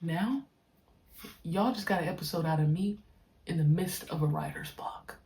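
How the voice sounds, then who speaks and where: A young woman hosting a podcast, talking casually and reflectively in slang and stretching key words out slowly. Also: lowish voice, mellow. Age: young adult. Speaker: podcast host, pro basketball player.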